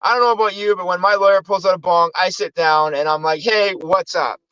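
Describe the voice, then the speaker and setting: Rambling through film plots and performing movie quotes, this casual review-show host talks fast in a high, steady, bright and forceful voice. The sound is smooth with no echo, though the highs are cut off.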